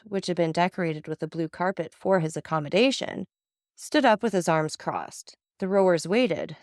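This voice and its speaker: A woman narrating a classic novel as an audiobook reader, telling it in a steady, even way. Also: on the low side, no room sound, clean studio sound.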